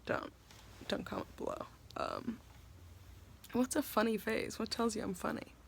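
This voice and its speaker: Young actress vlogging; gravelly fry at line ends, rambling, giddy, self-deprecating, running on coffee and no food. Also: female voice, on the high side, unhurried, slight background noise. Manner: chatty, rambling, self-mocking; giddy and scattered. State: hungry and tired. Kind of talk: casual vlog chat.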